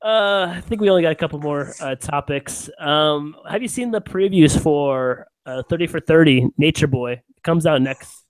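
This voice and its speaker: A man's voice: on the high side, moderate pace, no room sound. A man co-hosting a wrestling podcast, chatting casually, laughing easily and using many fillers. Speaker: podcast co-host. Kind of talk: casual chat.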